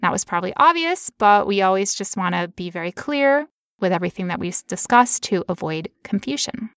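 A woman in her thirties co-hosts a podcast in a relaxed, chatty way. She sounds tired but stays playful and jokey. Her pitch sits in a middle range, and the recording is very dry and close. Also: a little fast, dry recording. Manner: jokey, playful, breaks into laughter. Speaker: podcast co-host. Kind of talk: casual podcast chat.

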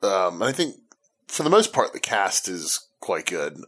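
A man co-hosting a casual film discussion, giving measured, hedging opinions. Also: deep voice, sing-song, a bit bright, breathy edge. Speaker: podcast co-host.

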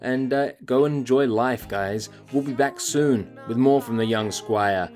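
A man's voice: medium pitch, measured pace, a little mellow, soft background music. A man hosting a podcast, ranting in an exasperated, profane monologue. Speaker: podcast host.

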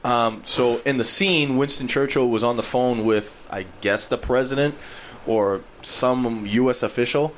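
A man chatting casually and rambling about a film, his voice climbing high when he gets worked up. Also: a little slow. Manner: animated, rambling, voice jumps high when indignant. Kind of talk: casual chat. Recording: faint background noise.

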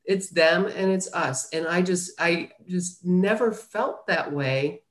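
A woman's voice: on the low side, takes it slowly. A woman publisher talking earnestly as a guest in an interview. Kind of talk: casual interview talk. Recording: roomy echo.

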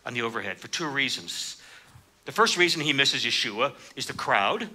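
A man preaching a sermon, reading scripture and explaining it, lifting his voice sharply for quoted lines. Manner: animated, raises pitch for quoted speakers.

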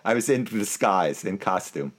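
A man's voice: on the low side, lively intonation, moderate pace. A man co-hosting a podcast with a nasal voice, joking drily. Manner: dry joking. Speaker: podcast co-host. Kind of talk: casual chat.

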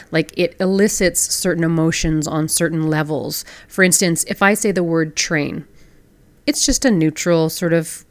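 A woman's voice: fairly low pitch, no echo. A woman, hosting a solo podcast in a conversational way and asking the listener questions. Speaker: podcast host.

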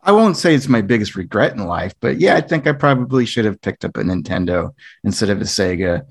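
Low-voiced man rambling casually. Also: fairly quick, creaky, slightly rough. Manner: relaxed, rambling, many fillers. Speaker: podcast co-host. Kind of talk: casual panel chat.

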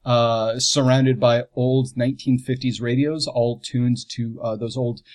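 A man's voice: mid-range voice, little pitch movement, a little slow. A man player in a tabletop role-play, casually describing his character, rambling and amused, with lots of fillers.

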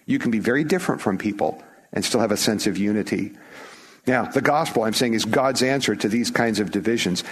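A man's voice: on the low side, brisk, slightly rough. A middle-aged man from the United States preaching a sermon in a conversational, emphatic way, often restarting his phrases. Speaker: pastor.

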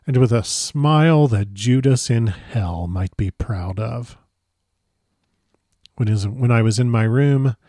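A man reading a first-person diary aloud as a dramatic audiobook narrator, measured and grave. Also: mid-range voice, mellow, dry recording, studio quality.

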